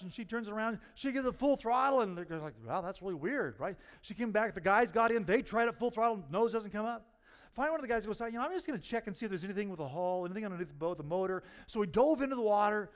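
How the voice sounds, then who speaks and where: Male pastor, sermon delivery, storyteller with loud punchlines, reverberant sanctuary. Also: sits high, quick pace. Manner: storytelling, rising to near-shouts at punchlines. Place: church sanctuary.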